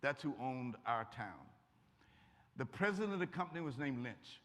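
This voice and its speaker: A man's voice: medium pitch, big pitch swings, normal speed, fairly bright tone. An older man with an Eastern Kentucky accent, a guest speaker giving a folksy, joking college talk and answering audience questions. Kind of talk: lecture and audience Q&A. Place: college auditorium. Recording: echoey hall.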